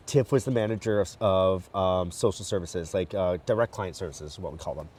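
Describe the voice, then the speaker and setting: In a low, fairly quick voice, a man tells his story frankly as a guest while walking outdoors at night, animated and acting out quotes. It's candid personal storytelling, captured by a distant mic with faint outdoor noise.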